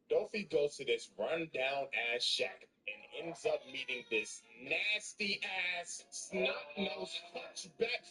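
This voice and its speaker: A young man retells a story with crude, slangy comic commentary. His voice is fairly high and jumps around a lot, bouncing from low asides to excited peaks. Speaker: gaming video narrator. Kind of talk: comedic story recap.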